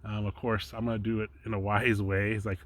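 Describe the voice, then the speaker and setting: A man's voice: lowish voice, flat delivery, brisk. A man giving an informal Bible teaching from his slides, chatty and rambling, breaking off often to chuckle. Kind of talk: casual home teaching with slides.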